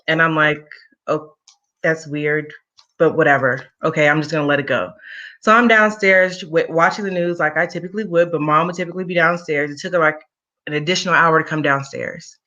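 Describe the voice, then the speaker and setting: Bright-toned woman telling a candid story. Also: deep voice, fairly even intonation, fairly quick, muffled recording. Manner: candid, conversational, wry asides. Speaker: guest sharing a personal story. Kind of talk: personal storytelling in an interview.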